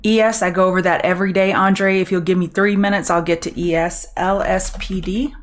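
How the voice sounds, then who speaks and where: A fairly low, fairly even-toned female voice moves at a fairly quick pace. She's a middle-aged Southern-accented trading show host from Louisiana, running a live market commentary stream with upbeat chatter and replying to viewers by name.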